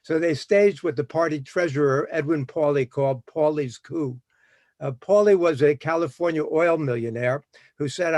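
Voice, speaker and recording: A man recounting history as a speaker at a public talk, his voice sitting a little high. He tells it like a story, brisk and full of small restarts and fillers. The sound is dry and close. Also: darkish tone, no room sound.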